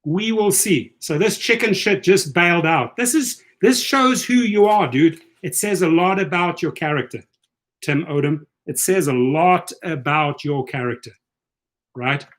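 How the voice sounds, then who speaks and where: A man's voice: a little high, lively intonation, a little slow. A man hosting a casual livestream, taunting a viewer in a combative, repetitive way. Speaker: livestream host.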